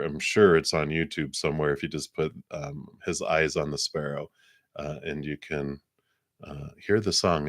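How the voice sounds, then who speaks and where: A man's voice: low-pitched, dry recording, studio quality. A middle-aged man hosting a live tarot card reading, chatting casually with viewers and thanking donors. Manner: relaxed and chatty, thanks donors, many fillers.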